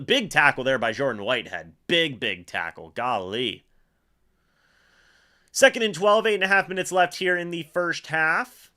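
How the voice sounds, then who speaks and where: A young man hosting a live fan watch-along, giving play-by-play and reacting excitedly, often repeating himself. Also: medium pitch. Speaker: fan livestream host calling a football game.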